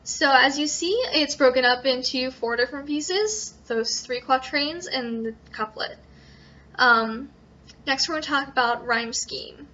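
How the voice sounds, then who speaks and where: A woman's voice: high voice, unhurried, pushed and bright. A young woman explaining how to write a sonnet in an informal tutorial, hesitant, with frequent ums and self-corrections. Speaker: student presenter. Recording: dull lo-fi recording.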